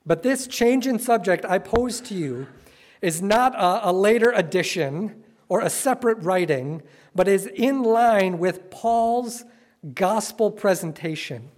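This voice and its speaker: A man preaching to his congregation, telling stories conversationally and slowing down hard on key phrases. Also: sits high, expressive, a little mellow. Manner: conversational, playful storytelling with sudden slow emphatic phrases. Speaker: pastor. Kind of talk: sermon. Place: church sanctuary with congregation.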